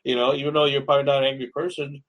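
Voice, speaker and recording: A man's voice: mid-range voice, little pitch movement, racing, dull audio. A man hosting a casual radio interview, chatty and loose, full of fillers. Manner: chatty, lots of fillers, laughs along. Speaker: radio show host.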